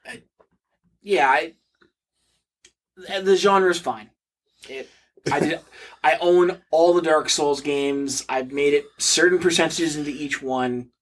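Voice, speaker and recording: A man's voice: fairly high pitch, slow, long pauses. A man co-hosting a podcast in casual chat, dry and laid-back, matter-of-fact. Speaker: podcast co-host.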